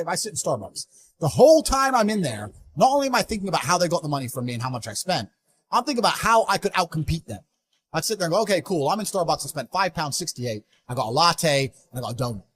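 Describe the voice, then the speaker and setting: A man giving an interview, talking in a blunt, forceful, emphatic way. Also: fairly high pitch. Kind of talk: motivational interview talk.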